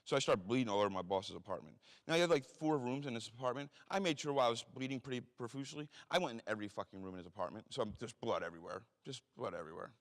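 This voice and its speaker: A man's voice: medium pitch, racing, few pauses. A man telling a story from his own life in a blunt, profane, self-mocking way. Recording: reverberant hall.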